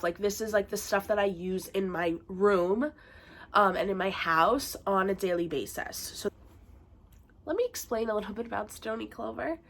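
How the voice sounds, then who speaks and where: A woman's voice: medium pitch, sharp tone. Woman, nasal, stuffy from a cold, rambling casual vlog chat, young adult, home bedroom. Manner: chatty, rambling, with frequent fillers. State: congested from a bad cold. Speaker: vlogger.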